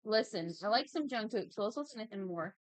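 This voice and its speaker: Woman in her thirties, livestream host, chatty and playful, mid-pitched, dry sound. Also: lively intonation, fairly quick, dry recording. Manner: chatty, playful, reads chat aloud. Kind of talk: casual livestream chat while drawing.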